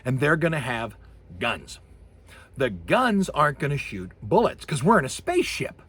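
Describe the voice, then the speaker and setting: Animated husky male lecturer. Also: mid-range voice, normal speed, dry recording. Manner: animated, imitates sound effects with his voice. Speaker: university lecturer. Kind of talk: recorded course lecture.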